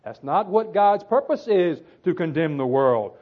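Emphatic high-voiced male preacher, tinny sound. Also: lively intonation, a little slow, hardly any pauses. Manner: emphatic, repeats phrases for stress. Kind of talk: sermon with scripture reading.

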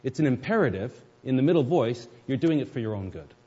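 A man preaching to his congregation with a lively, rising and falling delivery, explaining scripture point by point. His voice is dark and slightly husky. The recording is dull and lo-fi, with a long reverb from a large hall. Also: medium pitch, fast. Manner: teaching, explaining scripture step by step; addresses the congregation directly. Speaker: pastor. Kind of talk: sermon.

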